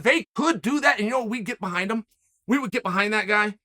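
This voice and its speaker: Bright-voiced man ranting emphatically. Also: high voice, a little fast. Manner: emphatic, challenging, rhetorical questions. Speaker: commentator host. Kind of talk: animated solo commentary rant.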